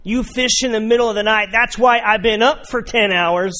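A man's voice: high-pitched, moderate pace, pushed and bright, pitched above the performer's own voice. A man doing an exasperated, stubborn fisherman. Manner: indignant, lecturing, emphatic. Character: exasperated weary male fisherman, adult, stubborn.

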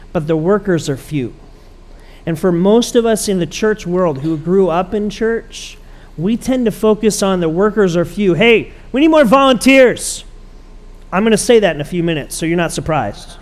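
A man pastor preaching a conversational, emphatic sermon to his church. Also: high voice.

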